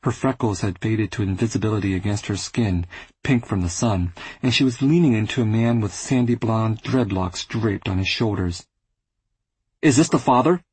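Husky, low-voiced male audiobook narrator. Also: moderate pace, a little mellow, no echo, low-quality recording. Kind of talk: first-person literary narration.

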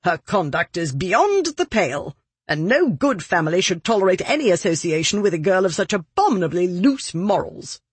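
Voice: mid-range voice, very animated, normal speed, breathy edge, no room sound, pitched above the performer's own voice. A reader putting on a haughty scolding noblewoman. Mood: scornful. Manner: scornful, scolding, emphatic. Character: haughty indignant older noblewoman. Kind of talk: audiobook character reading.

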